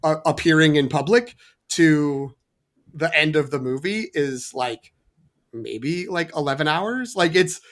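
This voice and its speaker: A man's voice: fairly high pitch, measured pace, a bit bright. A man on a film podcast who speaks hesitantly in a casual discussion, stammering and leaning on fillers.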